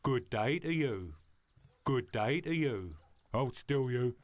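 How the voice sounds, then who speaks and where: A man's voice: mid-range voice, lively intonation, takes it slowly, no room sound. An actor voicing a humble male medieval peasant in a game, with a northern English accent and plain, deferential greetings.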